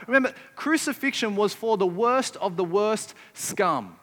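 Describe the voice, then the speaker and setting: A man's voice: high voice, animated, measured pace, a bit bright, in a large hall. A man preaching a sermon, emphatic and often putting rhetorical questions to his listeners. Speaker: pastor.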